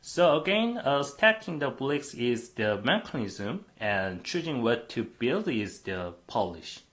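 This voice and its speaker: A man's voice: mid-range voice, big pitch swings, a little slow, a bit bright. A man lecturing a university class on computing, explaining step by step with frequent "uh" fillers.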